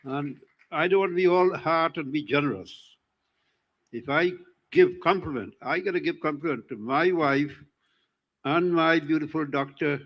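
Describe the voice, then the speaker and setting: A man's voice: on the high side, moderate pace, a bit bright, rough recording. Chatty older man joking onstage. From Trinidad and Tobago. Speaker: community speaker at the event. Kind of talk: casual speech to an audience. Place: live religious event. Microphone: handheld mic.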